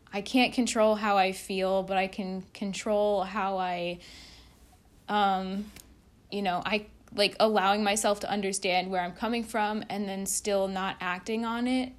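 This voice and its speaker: A woman talking candidly to camera in a rambling, casual monologue, dropping lots of fillers and the odd swear word. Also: medium pitch. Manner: rambling, frank, swears, heavy use of "like". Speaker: vlogger.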